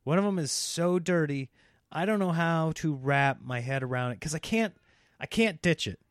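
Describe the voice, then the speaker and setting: A man's voice: fairly high pitch, expressive, moderate pace, no room sound. Rambling comedian man, dry close mic. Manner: rambling, self-interrupting, laughs at himself; mocks politicians in a put-on speech voice. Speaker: comedian podcast host. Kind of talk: rambling solo comedy podcast.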